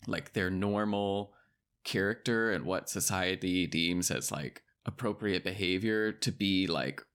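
A man's voice: sits low, measured pace, fairly bright tone. A man co-hosting a casual conversation podcast, talking in a thoughtful, musing way with many hedges. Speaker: podcast co-host.

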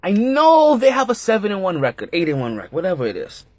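A man hosting a casual sports podcast, talking in an animated way, repeating himself and making jokey asides. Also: high voice, fast talker, no echo. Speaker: podcast host.

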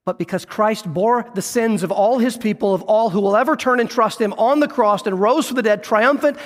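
A man preaching a sermon as pastor, earnest, dropping low and soft to stress a point. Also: normal speed, in a large hall.

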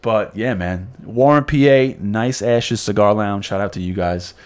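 Animated man telling a story. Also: on the low side, unhurried, clean tone. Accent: New York. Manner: animated storyteller, acts out quotes. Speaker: podcast co-host. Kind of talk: casual chat.

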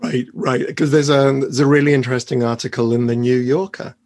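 A hoarse British man interviewing a guest, hesitant and often restarting his questions. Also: mid-range voice, steady tone, brisk, darkish tone, no room sound. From Britain.

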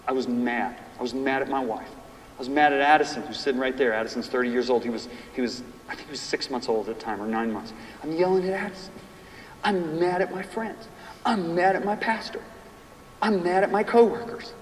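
A man in his fifties teaching a class in a sermon style, telling personal stories and reading scripture slowly and emphatically. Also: mid-range voice, slight background noise. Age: 50s. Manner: animated storytelling, reads scripture slowly and emphatically. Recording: echoey hall from far off, faint ambience.

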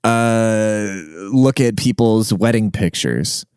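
A man's voice: on the low side, slow, a little mellow, clean tone, no echo, clean studio sound. A young man who grew up in Germany, casually telling a rambling, profane childhood story and laughing often. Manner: rambling, profane, laughs through his stories.

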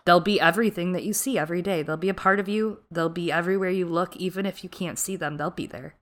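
A woman co-hosting a podcast, recapping a TV episode in casual chat with emphatic, animated storytelling. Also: lowish voice, fast talker. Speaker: podcast co-host.

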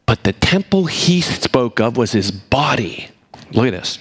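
A man preaching a sermon, animated, swinging between emphatic points and low, quiet asides. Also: measured pace, slightly rough. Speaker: pastor.

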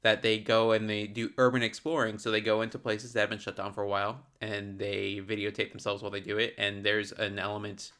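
A man's voice: on the low side, little pitch movement, brisk, few pauses, bright, forceful tone. A man hosting a casual podcast, rambling and sarcastic as he walks through a bad movie, a bit tipsy. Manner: rambling, sarcastic, laughs often. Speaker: podcast host reviewing a movie. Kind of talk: casual chat.

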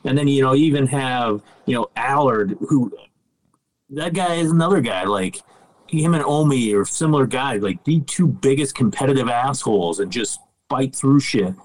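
A man's voice: medium pitch, lively intonation, moderate pace, low-quality recording. A middle-aged man, a podcast guest, casually telling stories, laid-back, swearing freely and laughing as he goes. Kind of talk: casual storytelling.

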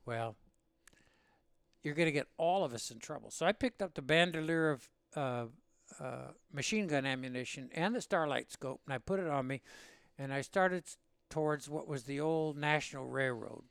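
Gravelly man recounting combat memories. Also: a little high, normal speed, fairly bright tone, no room sound, studio quality. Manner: plain, matter-of-fact storytelling with restarts. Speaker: veteran telling a war story. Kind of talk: spoken recollection in an interview.

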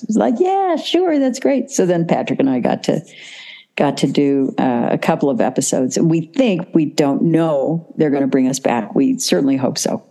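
Older lady actress chatting away, low mellow voice, laughs a lot. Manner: animated, chatty, laughs easily. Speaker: actress and guest. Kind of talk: casual interview storytelling.

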